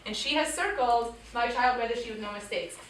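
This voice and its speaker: A woman in her thirties, a teacher telling a lively personal story to a school audience, acting out voices and dropping to quiet tones. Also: fairly high pitch, fairly quick, slight background noise. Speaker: teacher speaking to students. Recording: echoey room picked up from far off.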